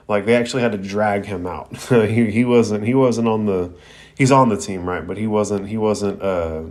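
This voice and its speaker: A young man hosts an anime review show, talking through the episode in loose, slangy chat. His voice sits a little low. He laughs easily, swears now and then and restarts his sentences. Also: darkish tone. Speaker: podcast host reviewing anime. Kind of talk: casual episode recap.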